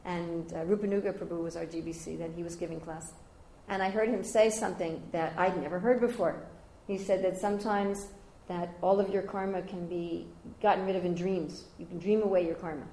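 An older woman giving a devotional scripture class, telling stories lively and raising her voice high whenever she quotes others. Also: fairly quick, few pauses, a little hiss or hum. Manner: animated storyteller, jumping high when quoting others. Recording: roomy echoey room.

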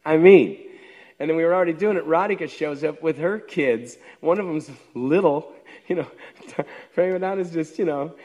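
A man in his sixties, a devotee telling how he joined, lively and acting out the voices of others. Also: on the high side, moderate pace. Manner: lively storyteller who acts out the other people's lines. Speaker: devotee sharing his story. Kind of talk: personal storytelling talk. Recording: long hall reverb.

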